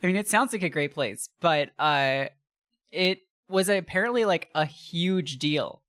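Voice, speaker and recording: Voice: mid-range voice, lively intonation, a little slow, fairly bright tone. A guest on a comedy podcast, talking in a chatty way with many restarts. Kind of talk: casual comedic chat.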